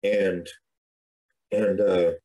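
A man's voice: sits low, little pitch movement, very slow, warm tone, low-quality recording. A middle-aged man, a podcast guest, earnestly recounting a personal story in a conversational way, with frequent restarts and an emotional edge.

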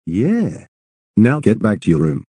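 Deep-voiced, calm cartoon dad, soothing and approving, dark tone. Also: male voice, measured pace, breathy edge, dry recording, full character voice.

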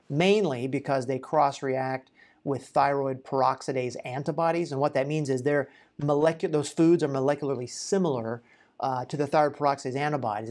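A man's voice: on the high side, darkish tone. Man explaining a case, conversational. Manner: conversational, rhetorical questions, frequent "uh" fillers. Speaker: chiropractor explaining a patient case. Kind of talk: informal educational talk to camera.

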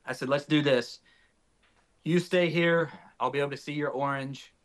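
A man's voice: fairly high pitch, moderate pace. A young man from north Texas, a podcast guest, telling a story in casual chat and acting out the quoted dialogue. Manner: animated, acts out quoted dialogue.

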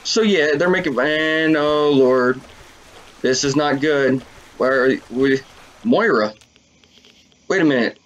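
A man giving casual commentary over a video game, excitable and swearing often as he talks to his viewers. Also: fairly high pitch, slow, long pauses. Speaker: let's play gamer.

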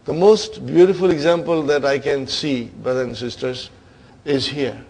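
A man's voice: medium pitch, moderate pace, creaky, a little mellow, slightly rough. A man teaching grammar in a classroom lecture, emphatic and often checking in with his listeners.

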